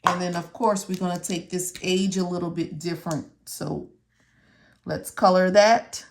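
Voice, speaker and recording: A woman's voice: fairly low pitch, fairly even intonation, measured pace. A woman instructor walking students through medical coding notes step by step, often checking in with "okay?". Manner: repeats "okay?" and "all right?" to check in. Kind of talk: casual step-by-step tutorial.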